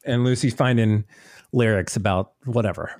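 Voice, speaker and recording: A podcast co-host chats casually, joking and rambling along. His voice sits on the low side and sounds a little mellow, moving at a normal pace. The recording is dry, with clean studio sound.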